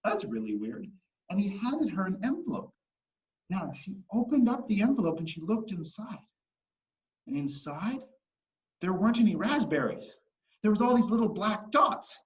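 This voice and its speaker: A man's voice: high-pitched, lively intonation, normal speed, pauses often, echoey room. A man teaching an online kids' martial arts class and telling them a story, upbeat and encouraging. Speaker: martial arts kids instructor. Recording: distant lo-fi livestream audio.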